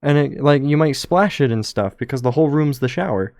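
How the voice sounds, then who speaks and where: A man's voice: mid-range voice, lively intonation, a little fast, a little mellow, dry recording, clean studio sound. A young man streamer rambling casually and jokingly, trailing off now and then. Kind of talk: casual chat over travel photos.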